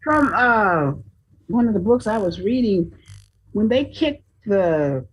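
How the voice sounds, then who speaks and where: A woman speaking hesitantly in a group talk, pausing to find her words. Her voice is husky and mid-pitched. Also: lively intonation, low-quality recording. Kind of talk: casual group discussion.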